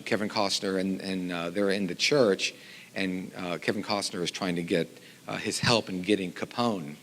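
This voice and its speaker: A middle-aged man, a composer and teacher, giving a conference talk with animated storytelling and lively voiced quotes. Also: sits low. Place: conference hall. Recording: long hall reverb.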